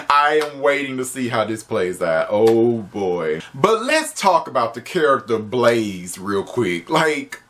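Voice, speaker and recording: A man reviewing a show on video in a loose, chatty way. He is animated, laughs often and swears freely, at a middling pitch for a man. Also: a little hiss or hum. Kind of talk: casual spoken review.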